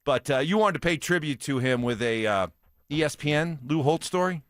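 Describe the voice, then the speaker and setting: A man's voice: fairly high pitch, lively intonation, fairly quick, fairly bright tone, no echo, clean studio sound. A man hosting a sports radio morning show, welcoming listeners and setting up a segment in casual talk. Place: radio studio.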